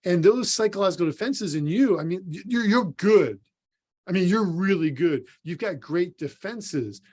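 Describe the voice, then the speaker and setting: A man's voice: high-pitched, expressive, moderate pace, darkish tone, slightly rough. Earnest man giving a motivational talk. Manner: earnest, direct, addresses the listener as "you". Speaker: sports psychologist speaker. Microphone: recorded for an online symposium.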